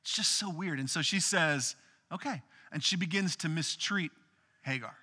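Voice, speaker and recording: A man preaching in a casual, storytelling way, retelling an old story in everyday words and acting out the characters' lines. His voice sits high and sounds very bright and sharp. Long reverb trails behind his words. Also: moderate pace, breathy edge. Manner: casual, animated storytelling with acted quotes. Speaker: pastor. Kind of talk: sermon retelling a Bible story.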